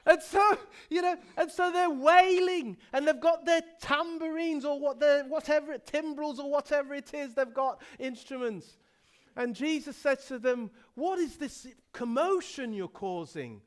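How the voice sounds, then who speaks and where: A middle-aged male pastor from England preaching a sermon, telling the story dramatically and swinging from hushed to loud. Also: very high-pitched, fairly even intonation, moderate pace.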